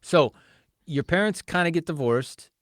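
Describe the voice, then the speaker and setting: A man's voice: fairly high pitch, lively intonation, no room sound. Chatty podcast host man, dry studio. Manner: chatty, laughs often, quick follow-up questions. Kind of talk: casual interview chat.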